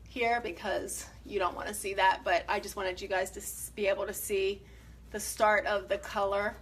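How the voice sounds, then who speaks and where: A woman's voice: medium pitch, fairly bright tone, slight background noise. Chatty, breathless woman painting furniture. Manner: chatty, enthusiastic, addresses viewers directly. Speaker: furniture refinisher. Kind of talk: casual how-to painting demonstration. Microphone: phone camera.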